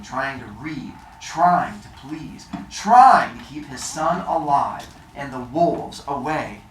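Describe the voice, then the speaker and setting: A woman teacher reading a novel aloud to her class, expressive and animated, with joking asides. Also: rumbling low, roomy sound, a little hiss or hum.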